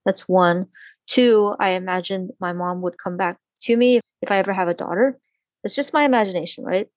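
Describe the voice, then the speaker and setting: Woman guest, chatty storyteller, lively delivery, dry close sound. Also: mid-range voice, brisk, no echo. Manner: animated, acts out quoted voices, lots of "like". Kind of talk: personal storytelling in conversation.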